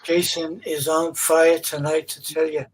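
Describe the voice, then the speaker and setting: Slow-talking agreeable male guest. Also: a little high, flat delivery, poor audio. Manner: agreeable, brief replies backing the host. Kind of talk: casual talk-show chat.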